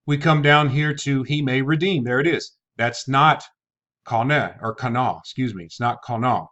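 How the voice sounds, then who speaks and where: A man's voice: medium pitch, moderate pace, a bit bright, dull audio. A man teaching a scripture lesson in an online video, methodical and posing rhetorical questions as he reads verses aloud. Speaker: Bible teacher.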